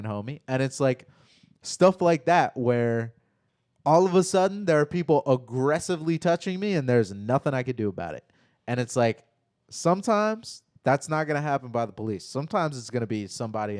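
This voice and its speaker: A man co-hosting a casual live chat, telling stories in a profane, animated way. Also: mid-range voice, no echo, clean studio sound. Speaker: podcast co-host.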